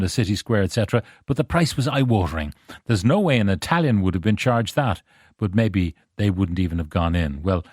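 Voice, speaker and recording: A man's voice: mid-range voice, darkish tone, dry recording, clean studio sound. A middle-aged man from Ireland hosting a radio show, reading out listener messages with wry, conversational asides. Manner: wry, conversational, reads texts aloud with emphasis.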